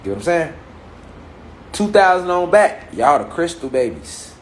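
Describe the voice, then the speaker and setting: Pitched fairly high and sing-song, his measured delivery echoes around a large room, with faint hiss or hum underneath. He's a man in his thirties with an African American Vernacular English accent, speaking to an assembled audience about spiritual matters. Rhetorical questions and repetition drive each point home.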